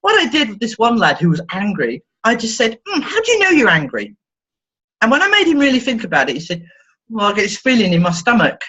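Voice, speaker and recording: Animated, slightly husky woman therapist. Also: fast. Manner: playful, acts out quoted voices with big pitch swings. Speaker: therapist and interview guest. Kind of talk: animated storytelling in conversation. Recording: dull lo-fi sound.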